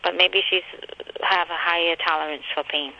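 Gravelly-voiced chatty woman. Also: fairly low pitch, steady tone, normal speed. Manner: chatty, hesitant, laughs easily. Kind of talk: casual chat. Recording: slightly dull lo-fi with faint noise.

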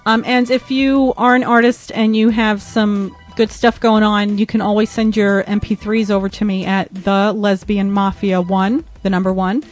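A woman hosts a podcast in a chatty, rambling way, with plenty of fillers. Her voice sits at an ordinary pitch, and faint music plays behind her. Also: flat delivery, normal speed, hardly any pauses. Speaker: podcast host. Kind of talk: casual podcast talk.

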